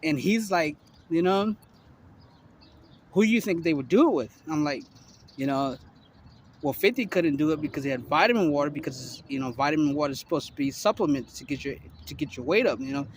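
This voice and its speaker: A man's voice: fairly high pitch, animated, a little fast, slight background noise. A man in his forties from Miami, Florida, talking to camera in a loose, rambling way, full of swearing and fillers. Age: 40s. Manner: loose, profane, heavy filler talk. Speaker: vlogger. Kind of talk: rambling casual monologue to camera. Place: outdoors on a city street.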